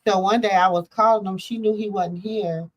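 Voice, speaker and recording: A middle-aged woman hosts a relaxed conversation. She tells stories in a loose, meandering way and leans on plenty of fillers. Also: mid-range voice, normal speed, rough recording. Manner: loose, rambling storytelling with lots of fillers. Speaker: host. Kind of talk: casual chat.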